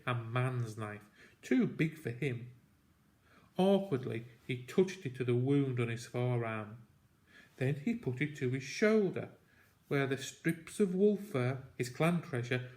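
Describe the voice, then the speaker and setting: A man narrating a storybook aloud at a slow, careful pace. His voice sits at an ordinary middle pitch, and each line is measured and deliberate. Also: darkish tone. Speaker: audiobook reader.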